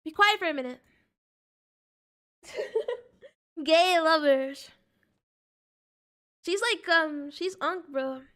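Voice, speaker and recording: High, bright joking woman streamer. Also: animated, slow pace, long pauses. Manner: joking, laughs often, slangy. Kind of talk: casual gaming stream chat.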